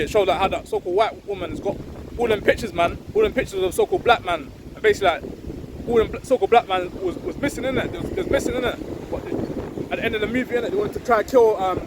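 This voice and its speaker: A man giving an informal, rambling religious talk. He tags nearly every phrase with "man" or "innit" and reads scripture slowly and loudly. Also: high voice. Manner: reads scripture slow and loud. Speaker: street preacher. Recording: windy outdoor recording with wind noise on the mic.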